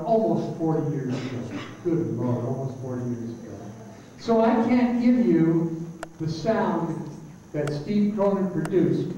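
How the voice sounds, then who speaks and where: An older man giving an animated storytelling speech at an award event, heard from far off in a large hall. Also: a little hiss or hum. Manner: animated storyteller, booming announcer delivery for the ad. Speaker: award speaker and radio announcer. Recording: echoey hall, far from the mic, dull sound.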